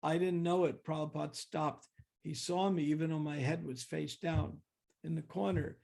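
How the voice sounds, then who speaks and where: A man's voice: on the high side, steady tone, normal speed, creaky, darkish tone. An older man giving a reflective storytelling talk, often restarting and acting out what people said. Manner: reflective, with many restarts and acted-out quotes. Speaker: guest speaker.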